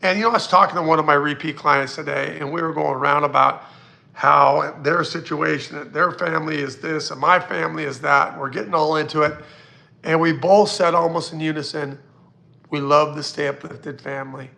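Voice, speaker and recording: A man with a bright, sharp tone hosts a casual live stream. He talks bluntly, swears now and then, and reads viewer questions aloud. His voice sits high and carries a gravelly rasp. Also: steady tone, brisk. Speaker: psychic hosting a live Q&A.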